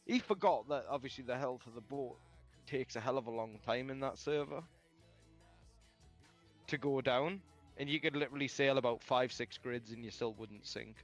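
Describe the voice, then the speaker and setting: A man streaming a game, telling a story in casual chat, animated, laughing often and swearing a lot into a headset mic. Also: medium pitch, moderate pace, faint music behind.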